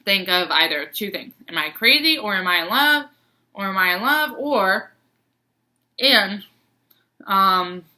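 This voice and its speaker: A woman's voice: mid-range voice, lively intonation, a little slow, pauses often, bright, forceful tone. A young adult woman casually telling a personal story to camera, chatty, with many fillers and acted-out quotes. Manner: chatty, lots of fillers and quoted reactions, laughs often.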